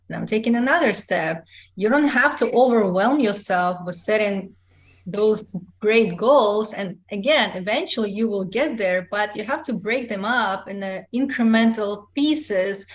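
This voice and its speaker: A woman hosting a podcast interview, speaking in a calm, reflective and encouraging way. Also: medium pitch. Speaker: podcast host.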